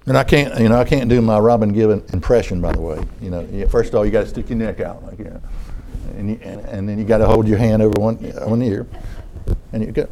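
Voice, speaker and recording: A man's voice: on the low side, a little fast, darkish tone, slight background noise. A man preaching a sermon in front of a congregation, talking in a conversational way and often repeating his phrases.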